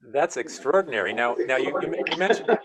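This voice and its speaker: A man's voice: mid-range voice, big pitch swings, brisk, crowd noise. A man interviewing a guest, asking careful follow-up questions.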